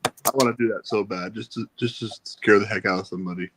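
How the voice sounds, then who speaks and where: Male streamer, relaxed banter, jokey and playful. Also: on the low side, fast talker, background noise. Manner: joking, playful storytelling. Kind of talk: casual chat.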